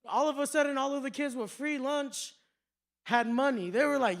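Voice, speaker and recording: A man's voice: very high-pitched, moderate pace, vocal fry. A man doing stand-up in a comedy club, telling rambling, profane stories. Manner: profane, rambling, slips into quoted voices. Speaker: stand-up comic. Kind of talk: stand-up storytelling.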